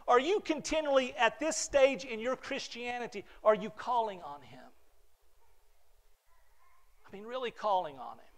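Earnest and heartfelt, a middle-aged pastor preaches in a high, light male voice, tripping over words and repeating them. At times he sinks into soft, low near-whispers, then swells back up.

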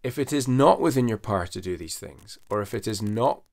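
A man's voice: fairly low pitch, lively intonation, a little fast. A man in his forties, a veterinarian, talking earnestly to camera and coaching his listeners step by step in a conversational advice vlog.

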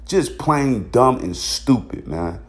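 A man's voice: mid-range voice, lively intonation, slow. Frustrated man ranting bluntly. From Virginia, USA. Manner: frustrated, blunt, profane, heated; repeats filler tags. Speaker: vlogger. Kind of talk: angry commentary monologue.

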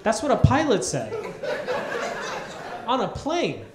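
A man performing a stand-up comedy set in a club, telling an animated story and acting out the people in it. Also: very high voice, takes it slowly, crowd noise. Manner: animated storytelling, acts out characters. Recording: echoey club room, audience laughter.

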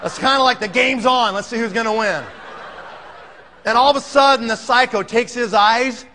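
Guy telling a funny story, animated and laughing, really high bright voice. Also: normal speed, slight background noise. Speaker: speaker. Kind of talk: comic storytelling speech.

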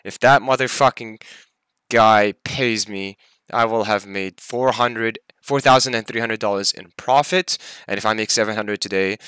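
A man's voice: lowish voice, pushed and bright, clean tone, no echo. A young man venting his stress and anger in a daily vlog, swearing often and sounding tired. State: tired, half asleep. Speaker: vlogger.

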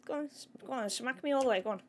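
A woman's voice: high voice, racing, slight background noise. A woman streaming a game from home, chatting to viewers and her cat and crying out at the action. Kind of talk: live gameplay commentary. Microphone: desk microphone.

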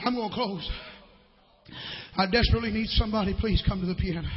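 A man preaching a holiness sermon, fervent and often shouting. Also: high-pitched, quick pace, in a large hall, highs cut off.

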